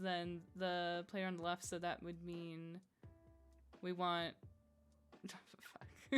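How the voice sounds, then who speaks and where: A woman's voice: fairly low pitch, fairly bright tone. A woman playing in a tabletop game, giggly and working out the order of turns. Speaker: player. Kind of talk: casual tabletop chat.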